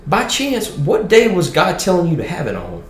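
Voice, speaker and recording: Folksy older dean, pitched way up and drawling, played by a young man, roomy echo. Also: wildly swooping pitch, moderate pace. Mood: eager. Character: folksy older male school dean, encouraging.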